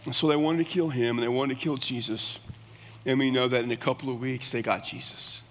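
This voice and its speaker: A man's voice: medium pitch, steady tone, a little fast. Folksy male preacher in a reverberant hall. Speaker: pastor. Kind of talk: sermon. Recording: long reverb of a large hall.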